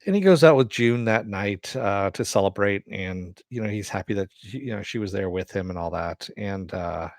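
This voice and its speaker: A man's voice: lowish voice, normal speed, few pauses, no echo, studio quality. Rambling man recapping a TV episode. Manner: rambling, many fillers and restarts; casual, swears freely. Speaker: TV episode reviewer. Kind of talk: casual spoken recap.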